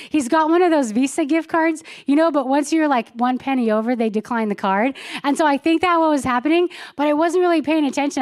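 A woman with a fairly high voice preaches in a relaxed, chatty way. She mixes everyday stories and quick asides with scripture reading. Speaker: pastor. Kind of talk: sermon.

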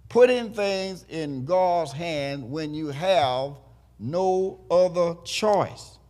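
A man pastor preaching a sermon, telling a story softly and then stressing his words in drawn-out phrases. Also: sits high. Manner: slow, drawn-out preaching with quiet storytelling stretches. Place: church.

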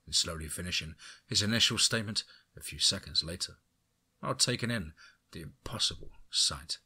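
A man's voice: low voice, moderate pace, pushed and bright, breathy edge. A man narrating a horror story aloud, then chatting enthusiastically to his listeners. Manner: enthusiastic, effusive.

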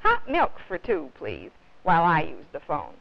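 A woman's voice: low voice, huge pitch swings, a little slow, gravelly, heavily acted. A woman doing a big hearty policeman. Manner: hearty, friendly. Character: big cheerful booming male policeman. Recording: dull lo-fi 1950s TV audio.

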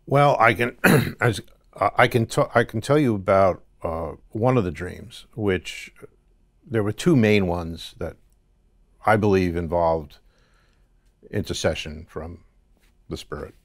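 A man guest in an interview, recounting a dream in a halting way with restarts. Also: deep voice, no echo, clean studio sound. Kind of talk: testimony interview.

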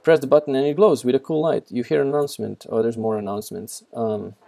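A man with a gravelly, dark voice talks through a text adventure, reading its lines and thinking aloud. He stumbles, corrects himself and drops in fillers, in a relaxed walkthrough manner. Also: medium pitch, fast talker. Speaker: game developer doing a walkthrough. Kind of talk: casual gameplay walkthrough.

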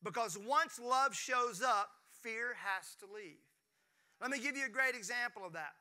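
In his 50s and from Mississippi, a pastor mixes humor and playful asides into his sermon, drawing call-and-response from the congregation. His very high-pitched voice is clean in tone and a little slow.

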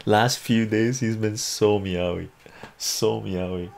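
A man's voice: on the low side, steady tone, slow pace, vocal fry, noisy background. A man hosting a live stream from home, chatting casually and reading out viewer comments, laughing often and thinking aloud. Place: home room with a meowing cat.

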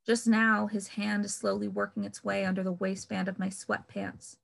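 A woman reading aloud from her own novel in progress, measured and wry, leaning on key words for emphasis. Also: medium pitch, level tone, gravelly.

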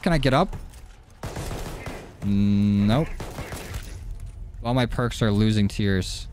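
A man streaming live gameplay, talking casually to his chat with sudden excited yelps, on a close studio mic at home. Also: fairly low pitch, slow, pauses often, slight background noise. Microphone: studio dynamic mic.

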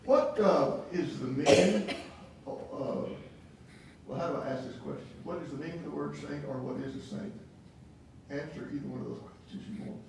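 A man's voice: fairly high pitch, normal speed, gravelly, darkish tone. Man teaching a Bible class, echoey and distant. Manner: questioning, repeats words and restarts. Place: church classroom. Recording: echoey room from far off, faint hiss.

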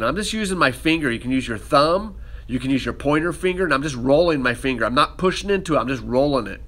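A man teaching a ceramics class, talking casually while he demonstrates with his hands. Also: mid-range voice. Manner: relaxed, talks while working with hands.

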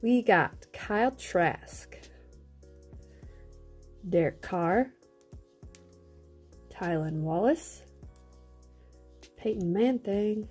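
A woman's voice: mid-range voice, lively intonation, extremely slow, pauses often, a little mellow, breathy edge, soft background music. A woman co-hosting a card-opening video with her husband, reading card names out and teasing him in casual chat. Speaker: co-host, host's wife.

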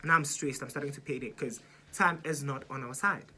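A woman's voice: very deep voice, brisk, sharp tone, breathy edge, faint music behind. A young South African woman in her twenties with a South African accent, dramatically retelling a storytime vlog and mixing in isiZulu words. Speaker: YouTuber.

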